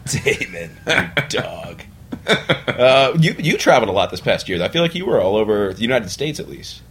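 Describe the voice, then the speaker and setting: A young adult man on a podcast, telling stories in a casual, animated way and acting out other people's lines. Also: medium pitch, a little fast, husky. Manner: animated storyteller, acts out quoted voices. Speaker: bar owner, podcast guest. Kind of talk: casual storytelling chat. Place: podcast studio.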